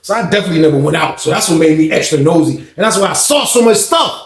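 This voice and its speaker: A man telling a story in a casual, animated, slangy way, acting out the scenes. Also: fairly high pitch, fast talker, creaky, hardly any pauses, reverberant, slight background noise.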